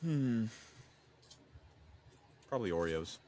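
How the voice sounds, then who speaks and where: A man co-hosting a podcast, chatting casually with animated, expressive swings in his delivery. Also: on the low side, slow. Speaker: podcast co-host. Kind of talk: casual chat.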